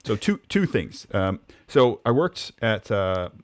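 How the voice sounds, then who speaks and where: A man co-hosting a podcast, telling animated anecdotes from his working life with many restarts. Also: lowish voice, takes it slowly, dry recording. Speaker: podcast co-host. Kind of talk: casual chat.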